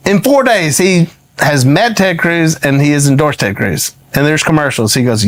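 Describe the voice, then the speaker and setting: Lively man telling a funny story. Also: on the high side, a little slow. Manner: animated, laughs often while telling stories. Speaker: guest. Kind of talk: anecdotal storytelling in conversation.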